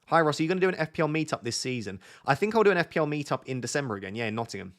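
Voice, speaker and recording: A man's voice: fairly high pitch, animated, very fast. A man chatting casually on a live stream, waffling and joking as he answers questions from viewers.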